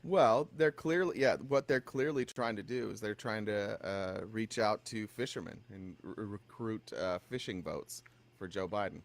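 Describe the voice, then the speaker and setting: A man's voice: lowish voice, normal speed. A man co-hosting a casual political commentary show, joking and laughing often as he mimics others. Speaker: co-host.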